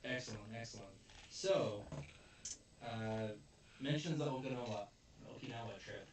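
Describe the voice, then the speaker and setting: A man hosting a casual review chat, retelling the story in an animated way and laughing often. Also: medium pitch, moderate pace. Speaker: podcast host. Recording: echoey room, distant mic, faint noise.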